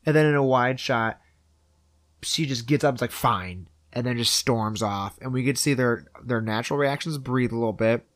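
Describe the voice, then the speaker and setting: A man talking through a movie plot in a loose, conversational way. His voice sits at an ordinary pitch and sounds close and dry, with little room around it. He swears casually and slips into quick snatches of the characters' lines. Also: a bit bright, no echo. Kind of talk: casual film recap chat.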